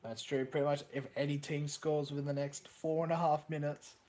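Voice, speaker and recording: A young man hosting a live stream, reacting excitedly to a football match, swearing casually and reading out chat messages. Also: on the high side, a little fast.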